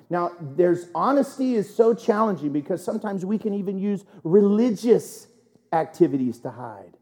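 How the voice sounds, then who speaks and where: Lively, joking pastor, higher voice. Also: male voice, moderate pace. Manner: animated, joking, asks rhetorical questions. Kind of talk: sermon. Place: church.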